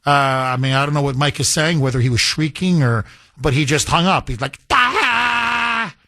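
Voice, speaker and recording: A man's voice: medium pitch, fairly even intonation, a little fast, a bit bright, dry recording. A man hosting a talk radio show, delivering a heated, scornful monologue with emphatic repetition into a studio microphone.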